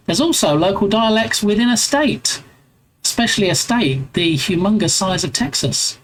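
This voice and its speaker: English man, 40s, relaxed live-stream host, playful banter with viewers, light background noise. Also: high voice, moderate pace, poor audio. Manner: chatty, reads out and answers chat with playful banter. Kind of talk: casual chat with viewers.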